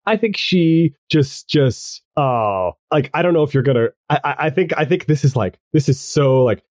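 Halting male game master, dry sound. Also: fairly high pitch, a little mellow, dry recording. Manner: halting, full of restarts. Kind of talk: narrating a tabletop game.

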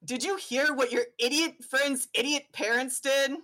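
A fussy, snobbish middle-aged dad rants in disbelief, as a woman puts him on. His voice runs high and piercingly bright, whiny and incredulous, every question climbing in outrage. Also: normal speed.

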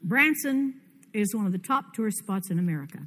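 An older woman preaching a conference sermon, fervent and commanding, with sudden loud rises in her declarations. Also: medium pitch, lively intonation, fairly quick. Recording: long hall reverb.

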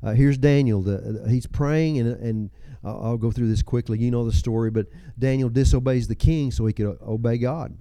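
An older man in his seventies delivers a sermon in a mellow, warm voice. He tells stories in a folksy way, chuckling and dropping personal asides, and the sound is dry and close. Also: medium pitch, moderate pace, few pauses, clear, resonant tone, no echo. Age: 70s. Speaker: pastor.

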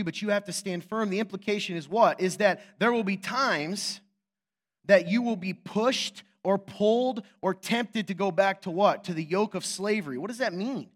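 Pastor guy preaching, kinda high voice, jokey and punchy, lots of rhetorical questions. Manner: animated and joking, teasing the congregation; quick, emphatic, asks rhetorical questions. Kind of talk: sermon.

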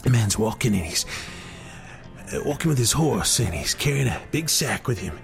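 A man's voice: medium pitch, big pitch swings, moderate pace, creaky, music in the background. A man telling a rambling comic tall tale, meandering with lots of fillers. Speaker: storyteller.

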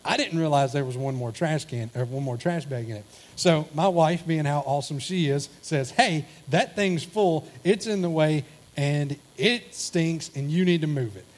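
Animated man telling a story. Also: fairly high pitch, normal speed. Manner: animated storytelling, acting out quoted family members. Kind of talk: humorous sermon anecdote.

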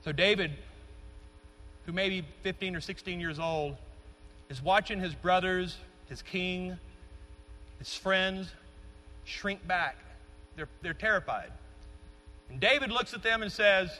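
A middle-aged man preaches with rising passion, his voice high and bright. He builds line by line to emphatic peaks. The sound carries a long reverb through a large sanctuary. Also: unhurried, pauses often. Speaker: pastor. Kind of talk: sermon.

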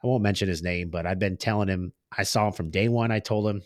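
A man's voice: low voice, fast talker, dry recording, clean studio sound. A man speaking as a podcast guest and business owner. He tells stories in a slangy, candid way and acts out the people he quotes. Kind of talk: casual storytelling in conversation.

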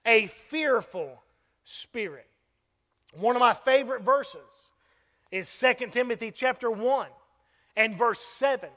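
A man preaching a sermon, telling stories in a folksy, animated way that rises to shouts at key moments. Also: very high voice, a little slow. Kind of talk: sermon with storytelling. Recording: reverberant hall.

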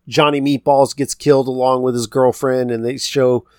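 A man with a clear, resonant, medium-pitched voice that barely rises or falls chats casually on a podcast he co-hosts, wandering through a film's plot and quoting its characters. He speaks at a moderate pace. The sound is dry and studio-grade.

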